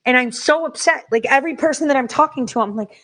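A woman's voice: sits high, fairly bright tone. Profane, angry woman ranting. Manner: heated, profane, rapid-fire ranting. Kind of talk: angry political rant.

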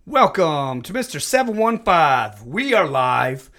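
A man hosting a casual podcast, loud, profane and rambling. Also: fairly high pitch, big pitch swings, unhurried. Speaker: podcast host.

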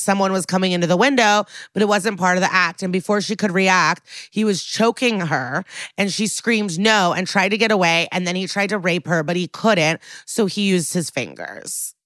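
A woman's voice: medium pitch, moderate pace, no echo, studio quality. A woman co-hosting a podcast, recapping a TV episode in casual chat and acting out the characters' lines. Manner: lively, acts out the characters' lines while recapping. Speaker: podcast co-host.

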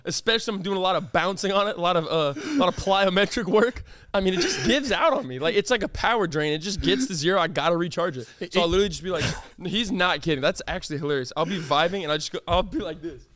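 A man's voice: sits high, fast talker, few pauses, a bit bright, no echo, studio quality. A young man co-hosting a podcast, joking and teasing his friend in loose, casual chat, often breaking into laughter. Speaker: podcast co-host.

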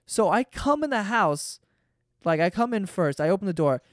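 Male podcast host, casual swearing storyteller, smooth and clean, dry close sound. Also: sits high, big pitch swings, moderate pace, no echo. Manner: profane, rambling storyteller.

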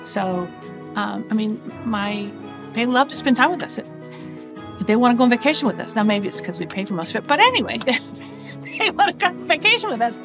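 A middle-aged woman on a panel, explaining her view in a reflective, steady way. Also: medium pitch, fairly quick, over music. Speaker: panel guest. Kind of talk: panel conversation.

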